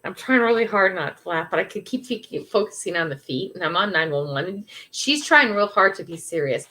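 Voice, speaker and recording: An older woman hosting a morning livestream, telling a funny story in a chatty, animated way. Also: on the low side, a little fast, few pauses. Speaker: livestream host.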